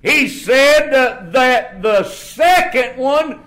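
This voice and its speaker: Slow, folksy preacher man. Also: animated, fairly bright tone. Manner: folksy, drawn-out preaching with sudden drops to a low murmur. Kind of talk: sermon. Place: church.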